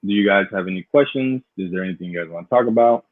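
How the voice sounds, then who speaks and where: Guy with a lowish voice chatting football, sounds like he's on a phone line. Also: racing. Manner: easygoing, hesitant with fillers. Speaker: podcast co-host. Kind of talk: casual sports chat.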